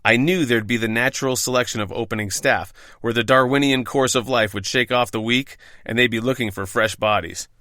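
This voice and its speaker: Wry, profane male storyteller, bright voice. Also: mid-range voice, dry recording, clean studio sound. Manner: profane, wry, self-deprecating. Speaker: podcast host telling his own bartending stories. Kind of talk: scripted first-person storytelling.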